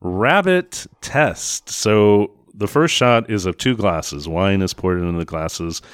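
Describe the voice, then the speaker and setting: A man with a low, smooth voice walks through a film's scenes in an easy, conversational way. He often laughs and acts out bits of dialogue as he goes. The sound is dry and close. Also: unhurried, no room sound. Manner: laughs often, recounts scenes with quoted lines. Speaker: podcast co-host. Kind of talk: casual chat recapping a movie.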